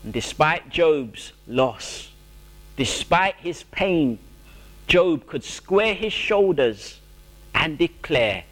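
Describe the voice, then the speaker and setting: Man preaching a sermon, slow drawn-out delivery, pitch swinging widely, voice a touch high, soft hush on solemn lines. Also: very animated.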